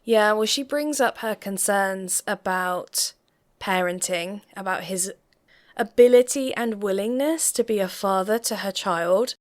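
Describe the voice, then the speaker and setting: Female co-host, mid-pitched, calm observational recaps. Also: a little slow. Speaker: co-host reacting to reality TV. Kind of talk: casual reaction chat.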